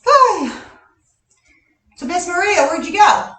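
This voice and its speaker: Upbeat woman coach leading a live kids' workout class, slow unhurried delivery, heard from across an echoey gym. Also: very high voice, very animated, pushed and bright, recorded from a distance. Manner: cheerful, counts reps aloud, chuckles often. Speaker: gymnastics coach. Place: large gym. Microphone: camera a distance away.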